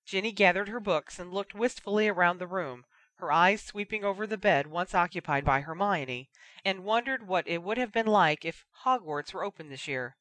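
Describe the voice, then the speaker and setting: An audiobook reader narrating a story in a steady, even manner. The voice is bright and forward, and the close mic gives a dry sound with no room around it. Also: medium pitch, moderate pace, no echo. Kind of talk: fan fiction reading.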